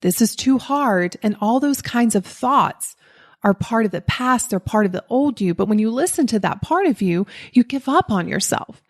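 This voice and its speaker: A woman's voice: fairly high pitch, expressive, moderate pace. A woman with a Southern US accent hosting a podcast, telling a personal story in a candid, self-deprecating way and laughing at herself. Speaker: podcast host.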